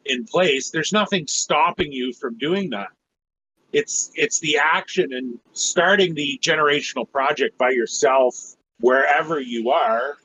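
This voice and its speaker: A man's voice: fairly high pitch, fairly bright tone. Practical man on a dull, noisy mic. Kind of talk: casual podcast discussion. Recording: dull lo-fi mic with faint noise.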